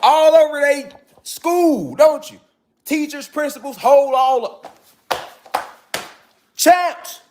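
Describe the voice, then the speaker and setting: A man's voice: extremely high pitch, takes it slowly, long pauses, darkish tone, a little hiss or hum. A man giving a profane, preachy lecture to his viewers, full of repeated call-and-response asides. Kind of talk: street-style lecture to viewers.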